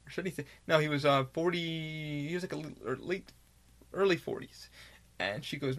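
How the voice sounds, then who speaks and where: Gravelly, candid man ranting casually. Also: on the high side, fairly even intonation, brisk, a bit bright. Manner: candid, rambling, heavy swearing. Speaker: podcast host. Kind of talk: casual monologue.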